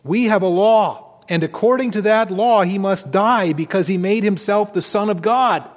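A man's voice: high voice, moderate pace, voice pushed up, lightly acted. A man reading the words of an angry crowd of male accusers, with insistent, raised demands. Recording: long reverb of a church hall.

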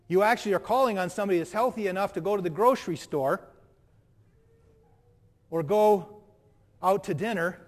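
A pastor preaches a sermon with emphatic pauses and rhetorical questions. His voice sits high for a man. It rings with the long reverb of a large hall.

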